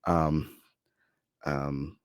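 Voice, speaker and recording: Deep, unhurried male game master, dry close sound. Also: smooth, no echo. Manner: relaxed, rambling with many fillers. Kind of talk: narrating a tabletop game.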